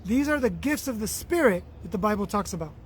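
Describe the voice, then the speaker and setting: A man's voice: sits high, expressive, a little fast, a little hiss or hum. A man hosting a spiritual motivational livestream, talking earnestly and affectionately with repeated phrases while his voice is going. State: losing his voice. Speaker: livestream host reading viewer comments.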